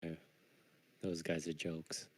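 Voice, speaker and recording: A man's voice: low voice, flat delivery, takes it slowly, no echo. A man trading live with friends, chatting casually and joking over a voice chat mic. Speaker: trader on a live trading stream.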